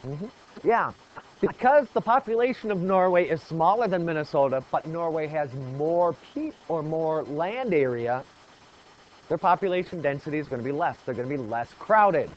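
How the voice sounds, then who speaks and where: A man's voice: a little high, lively intonation, moderate pace, muffled recording. A man teaching a geography lesson in a classroom, quizzing the students with call-and-response questions. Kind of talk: classroom lecture.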